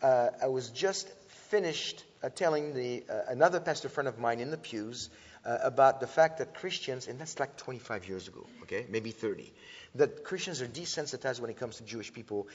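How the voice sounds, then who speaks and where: A man giving an earnest, animated talk to an audience, often restarting his sentences and filling pauses. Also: medium pitch, breathy edge. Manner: earnest, with frequent restarts and filler sounds. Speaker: speaker teaching about antisemitism. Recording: dull lo-fi sound with long hall reverb.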